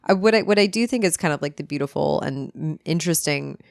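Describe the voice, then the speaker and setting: A woman's voice: deep voice, fast talker, creaky, dry recording, clean studio sound. A woman co-hosting a podcast, supportive and thinking aloud in a casual conversation. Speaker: podcast co-host.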